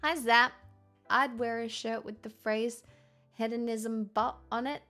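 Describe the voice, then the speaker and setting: A woman's voice: fairly high pitch, fairly even intonation, takes it slowly, pushed and bright, faint music behind. Tired, playful young woman streamer. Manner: chatty and playful, laughs often. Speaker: livestream host. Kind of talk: casual chat reading viewer messages.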